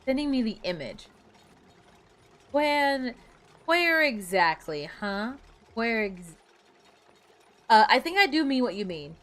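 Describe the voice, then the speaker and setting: A woman's voice: a little high, very animated, takes it slowly, pauses often, a bit bright. A woman streaming a game, chatting casually, muttering to herself and breaking into playful outbursts.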